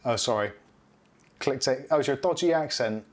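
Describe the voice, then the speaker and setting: A man's voice: medium pitch, normal speed. A middle-aged British man hosting a casual live stream, rambling chattily and reading out viewer comments.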